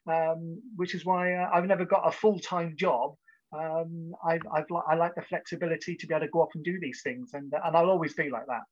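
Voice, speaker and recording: A man's voice: on the high side, steady tone, brisk, dull audio. A man from the West Country with an English accent, answering interview questions casually, with many ums and restarts. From West Country of England. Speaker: guest.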